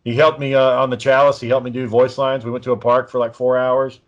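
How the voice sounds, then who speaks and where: A man's voice: mid-range voice, level tone, fast. A man telling a long story in a casual, profane, rambling way as a podcast co-host. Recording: dull lo-fi recording.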